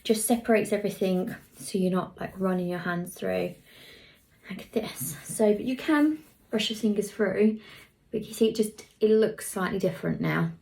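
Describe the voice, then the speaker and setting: A young woman talks through a hair tutorial in a chatty, easygoing way. She mutters asides under her breath as she works. Her voice has a gravelly, creaky texture. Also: medium pitch, moderate pace, a little mellow. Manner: chatty, talks while working, drops into murmurs. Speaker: hairstylist vlogger.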